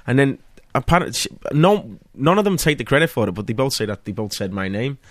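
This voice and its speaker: A man with a Liverpool accent, an actor chatting as a guest and telling stories with lively energy. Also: medium pitch, no echo. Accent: Liverpool (Scouse). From Liverpool, England. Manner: animated storyteller, quick to laugh. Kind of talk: casual interview chat.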